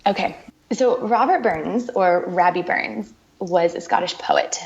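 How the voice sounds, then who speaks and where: A woman's voice: fairly low pitch, a little slow, gravelly. A woman guest in a casual interview, explaining things in a chatty way with frequent repeats. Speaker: podcast guest. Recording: dull lo-fi sound.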